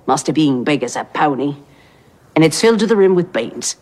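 A woman's voice: low-pitched, animated, a little mellow. An actress playing a grim woman recounting a cursed tragedy in a put-on Australian accent with Cockney touches and harsh, hard-hitting sounds. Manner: harsh consonants and vowels, brisk storytelling. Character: grim woman telling a cursed tragic tale.

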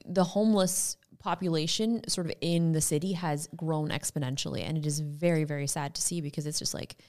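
A woman co-hosting a podcast, chatting casually and laughing easily. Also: low-pitched. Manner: chatty, animated, quick to laugh. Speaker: podcast co-host. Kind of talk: casual chat.

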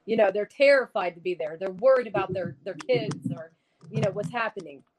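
A woman, a paranormal investigator, telling a rambling, excited story on a video call and laughing often. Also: medium pitch, a little fast, background noise.

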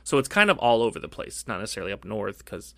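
A man's voice: on the low side, very animated, very fast, vocal fry, bright, forceful tone, dry recording. A young man from Florida co-hosting a podcast, joking along in casual banter and reading out facts. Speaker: podcast co-host. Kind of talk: casual chat.

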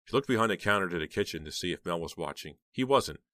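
A man narrating a horror novel as an audiobook in a steady, even storytelling manner. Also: deep voice, quick pace, no echo.

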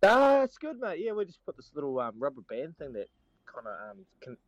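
A man's voice: fairly high pitch, wildly swooping pitch, fairly quick, no room sound, lo-fi sound. A man, calling in from a holiday resort to tell a story in casual banter, often laughing mid-sentence. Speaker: sports radio regular calling in from holiday. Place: holiday resort abroad, remote call.

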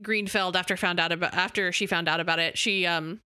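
A woman co-hosting a comedy podcast, explaining a story in a steady, casual way. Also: lowish voice, a little fast, smooth, dry recording, clean studio sound. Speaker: podcast co-host leading the episode.

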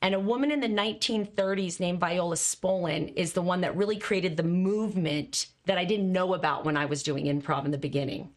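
A middle-aged woman, a communication coach, telling her stories in an expressive, animated way and laughing now and then. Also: on the low side, fairly quick, few pauses. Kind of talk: conversational storytelling.

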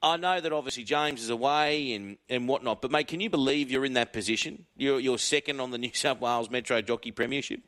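An Australian man hosts a racing radio show, and his voice is bright and forward. He is chatty and matey with his guest, and his pitch sits in the middle range. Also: fairly quick, hardly any pauses. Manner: matey and chatty, says "mate" often. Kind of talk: casual radio interview.

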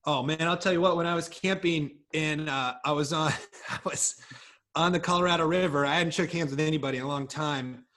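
A man's voice: a little high, brisk, fairly bright tone. A man on a podcast, chatting casually and telling rambling, profane stories. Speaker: podcast guest. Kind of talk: casual chat.

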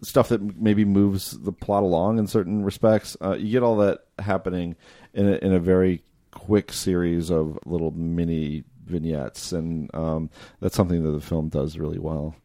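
Deep, mellow-voiced man talking films. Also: steady tone, normal speed, no echo, clean studio sound. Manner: thoughtful, hesitant restarts. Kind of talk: casual film discussion.

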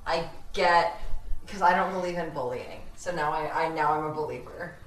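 Young woman, sarcastic podcast co-host, lowish voice, roomy echo, a bit off-mic. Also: moderate pace, recorded from a distance. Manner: teasing, sarcastic. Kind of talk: casual comedic chat.

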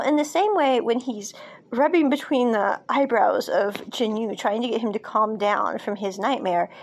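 Chatty woman podcast host. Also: fairly high pitch. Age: adult, parent. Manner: chatty, laughs often, frequent asides. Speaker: podcast host reviewing a drama series. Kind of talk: casual recap and review.

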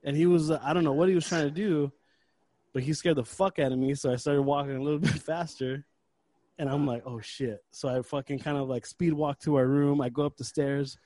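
Young man, fairly high voice, dry close sound, animated storyteller, swears freely, casual podcast chat. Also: brisk, dry recording. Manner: animated, swears a lot, acts out his own breathlessness. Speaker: podcast co-host.

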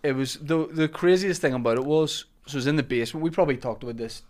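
A man hosting a podcast, telling comic stories in a casual chat and shouting out the lines he quotes. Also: on the high side, fast. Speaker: podcast host.

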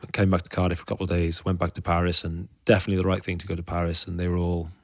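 A man's voice: sits low, monotone, racing, no echo, studio quality. A man in his thirties, a guest talking frankly and with feeling in a podcast interview, often restarting his sentences. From Wales. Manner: frank and openly emotional, rambling with restarts. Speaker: guest, professional cyclist.

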